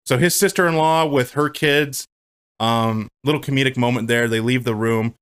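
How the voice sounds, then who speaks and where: A man talking through a film recap in a loose, jokey way. He swears freely, laughs often and drops into goofy voices. His voice sits at an ordinary middle pitch. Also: normal speed, fairly bright tone, smooth. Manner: goofy, profane, does silly character voices. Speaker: movie rewatch podcast co-host. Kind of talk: casual movie commentary chat.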